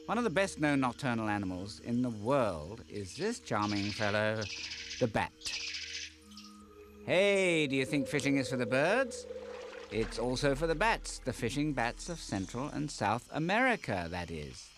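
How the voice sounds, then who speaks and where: A man's voice: medium pitch, big pitch swings, normal speed, noisy background. A man giving scripted comedic narration for a nature documentary, with playful joking asides. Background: music.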